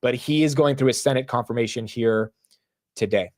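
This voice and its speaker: A man's voice: medium pitch, moderate pace, a little mellow. A man from the United States hosting a live stream of market commentary, chatty and slangy, often laughing and calling viewers bro and dude. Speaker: livestream host.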